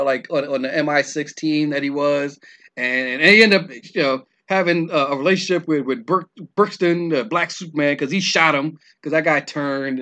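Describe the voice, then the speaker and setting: Bright, rambling man recapping a movie. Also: a little high. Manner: rambling, filler-heavy, says "man" often. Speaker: movie reviewer.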